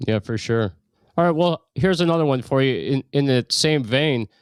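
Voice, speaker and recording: A male podcast host who asks questions in a friendly, easygoing way. His voice is smooth and clear at a medium pitch. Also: moderate pace. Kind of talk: casual interview.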